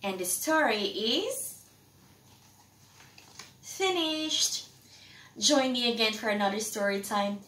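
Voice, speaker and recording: A woman's voice: mid-range voice, moderate pace, few pauses, fairly bright tone, echoey room, recorded from a distance. Sing-song woman hosting kids' story time. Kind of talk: children's story time introduction.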